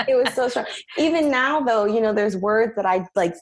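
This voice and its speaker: A woman with a faint Long Island New York accent, a podcast guest in casual chat, talking with quick laughs and trailing restarts. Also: a little high, animated.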